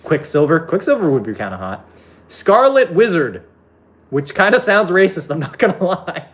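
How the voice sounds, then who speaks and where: A young man chatting casually on a live stream, reading out viewer comments and rambling excitably between topics with lots of swearing. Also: fairly high pitch, fairly quick.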